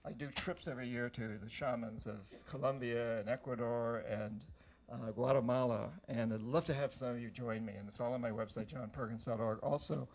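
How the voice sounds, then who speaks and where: A man's voice: medium pitch, fairly even intonation, fairly quick. An older man from New Hampshire giving a rousing speech, telling stories and firing questions at the audience. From New Hampshire, USA. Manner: storytelling, rousing, addresses the crowd with questions. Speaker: author giving a talk. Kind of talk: motivational speech to a live audience.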